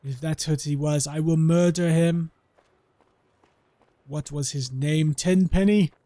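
Man doing a grandiose wasteland avenger: pompous, put-on accent, high and slow, menacing. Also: dark tone, no echo. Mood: vengeful. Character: grandiose vengeful male wasteland wanderer, menacing, theatrical. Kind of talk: let's play role-play voice.

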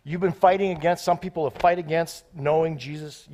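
A man preaching a sermon in an excitable, off-the-cuff way, joking with the congregation between scripture readings. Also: fairly high pitch, fairly quick. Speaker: guest preacher.

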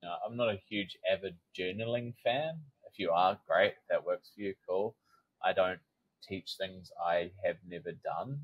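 Low-voiced man, lively storytelling coach. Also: moderate pace, breathy edge, lo-fi sound. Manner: animated storytelling, acts out inner dialogue, swears casually. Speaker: sobriety and co-dependency coach. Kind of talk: casual podcast interview.

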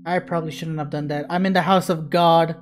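A woman's voice: low voice, steady tone, fairly quick. A woman giving let's play commentary, exclaiming and swearing jokingly at the game. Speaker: gaming YouTuber.

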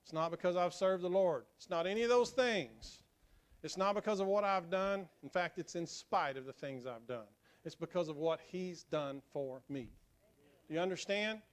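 Male pastor, middle-aged, sermon, somewhat high voice, joking asides, quiet earnest storytelling. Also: normal speed. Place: church sanctuary.

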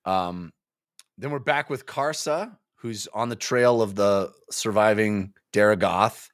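A man's voice: fairly low pitch, fairly even intonation, measured pace, no echo, studio quality. A man co-hosting a casual book club chat, recapping chapters and acting out characters' lines in playful voices. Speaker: podcast co-host.

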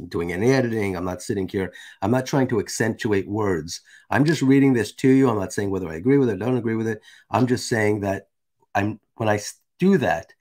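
A man's voice: fairly low pitch, a little mellow. A man hosting his channel, reading a text aloud and breaking off into casual, amused asides. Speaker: channel host.

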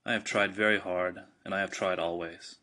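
A man's voice: low voice, flat delivery, moderate pace. A man doing a poor, dejected old king. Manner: soft and dejected. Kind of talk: storybook reading.

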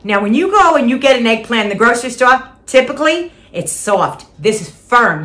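A woman's voice: on the high side, sing-song, normal speed, a bit bright. An older woman chatting casually at home as she shows off her shopping haul, gushing and repeating herself with little laughs. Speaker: vlogger showing a shopping haul.

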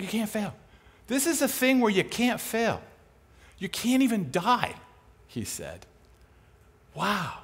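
A man preaching a sermon in a lively, conversational way, acting out quoted voices as he goes. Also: on the high side. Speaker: pastor.

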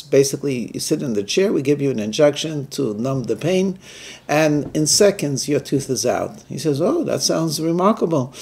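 A man's voice: mid-range voice, gravelly, husky. A man, a rabbi, telling a story as a weekly sermon and briefly voicing the people in it. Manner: animated storyteller who voices the people in his stories.

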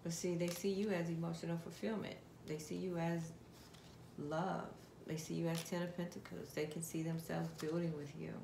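In an echoey room with steady background noise, a tarot card reader talks at normal speed in a creaky, lowish voice. She gives her viewers a chatty, direct reading, putting questions to spirit aloud.

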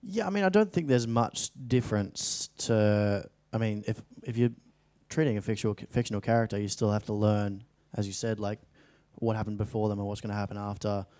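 A man's voice: on the low side, brisk, hardly any pauses, darkish tone, no echo. A young Australian man in his late teens, an actor chatting casually in a studio interview, rambling with frequent restarts and fillers. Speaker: actor guest.

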